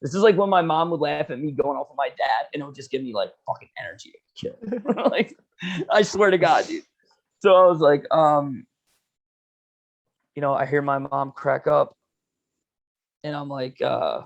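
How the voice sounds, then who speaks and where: A man's voice: fairly high pitch, expressive, normal speed, gravelly, long pauses. Young man telling a profane story. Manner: profane, laid-back storytelling with lots of "dude" and "you know". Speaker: podcast host. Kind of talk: casual storytelling chat.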